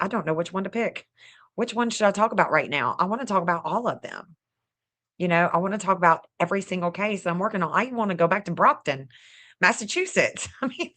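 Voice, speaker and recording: A middle-aged Southern woman hosts an online true-crime astrology livestream, chatting casually in a lowish, fairly bright voice. She rambles and repeats herself, restarting sentences often with small laughs.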